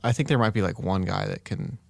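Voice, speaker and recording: A man's voice: on the low side, a little fast, vocal fry, no echo. A man co-hosting a podcast, chatting casually and hesitantly, sometimes reading facts aloud. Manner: relaxed, hesitant, reads facts off a phone. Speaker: podcast co-host. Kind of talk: casual chat.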